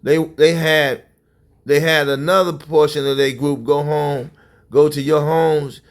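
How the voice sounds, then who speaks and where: A man preaching fiery religious commentary in a confrontational way, often breaking into shouts. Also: a little high, little pitch movement, measured pace.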